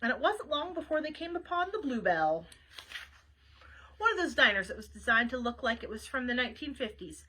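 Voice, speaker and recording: A woman's voice: a little high, sing-song, brisk, sharp tone, a little hiss or hum, low-quality recording. A woman librarian reading a children's book aloud with chatty asides to young listeners.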